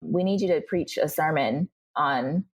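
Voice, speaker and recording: Husky low-voiced woman telling her story. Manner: animated, acts out other people's remarks in quick bursts. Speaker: podcast guest. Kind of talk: candid conversational storytelling.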